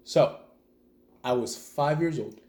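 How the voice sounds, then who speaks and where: A man's voice: a little high, slow, darkish tone. A man from El Salvador telling a spooky childhood story in casual, profane podcast chat. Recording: echoey room.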